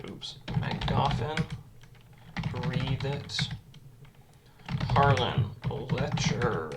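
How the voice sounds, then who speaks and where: A woman quietly reciting place names from memory, correcting herself now and then and making wry asides. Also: a bass voice, creaky, heavy background noise. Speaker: geography video creator. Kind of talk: muttering recall while typing. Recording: loud keyboard clatter close to mic. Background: loud keyboard typing.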